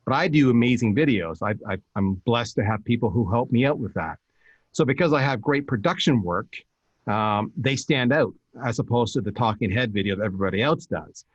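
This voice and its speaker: A man, a podcast guest, giving emphatic, animated marketing advice in casual talk. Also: mid-range voice, fairly quick, husky, dry recording, lo-fi sound. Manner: energetic, emphatic, animated storytelling with restarts.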